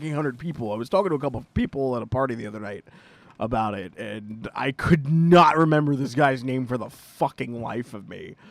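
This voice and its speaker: Here a man streams a game and talks loosely with his teammate, cursing and laughing as he goes back over a fight. His pitch is fairly high, and the recording has no room sound.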